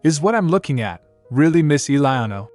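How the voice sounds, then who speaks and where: A man's voice: a little high, very animated, a little fast, a little mellow. A man voicing a cold, commanding young grand duke who speaks in an icy, cutting tone, over faint music.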